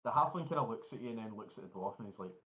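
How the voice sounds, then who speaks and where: Gm rambling thru a scene, swears a lot, muffled chat audio. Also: male voice, fairly low pitch, expressive, rapid-fire. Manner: rambling, many restarts, swearing. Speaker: game master. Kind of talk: narrating a tabletop game.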